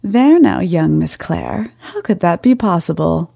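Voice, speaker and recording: A woman's voice: fairly low pitch, sing-song, unhurried, creaky, dark tone, no room sound, studio quality, heavily acted. A woman voicing a friendly, flirty man from the American South with a slight twang. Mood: genial. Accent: Southern US (put on).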